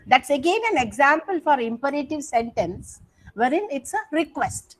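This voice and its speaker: Woman, Indian English accent, high voice, online grammar lecture, coaxing, fillers and self-corrections. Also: normal speed, rough recording. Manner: animated, coaxing students to respond. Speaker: English teacher. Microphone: video call.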